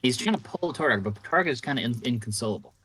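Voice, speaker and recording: A man narrating a tabletop game as game master in a relaxed, casual way. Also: mid-range voice, quick pace, husky.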